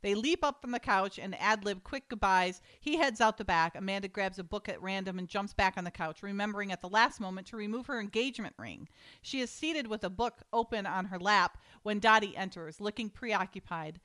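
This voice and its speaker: A woman's voice: mid-range voice, fairly quick, a bit bright. Chatty woman podcast host. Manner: chatty and amused, recaps scenes, reads dialogue. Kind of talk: casual chat, reading script lines aloud.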